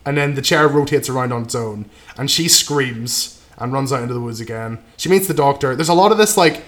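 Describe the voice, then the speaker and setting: Co-host, man, mid-pitch voice, loose plot recap in casual chat. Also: fairly quick. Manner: loose plot recap, trailing off quietly, frequent "right?" and swearing. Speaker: podcast co-host recapping a film.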